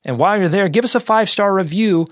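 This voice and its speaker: A man hosting a basketball podcast, talking through game strategy and signing off with plugs for the show, energetic with quick asides. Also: high voice, no echo, studio quality. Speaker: podcast host. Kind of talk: sports podcast analysis.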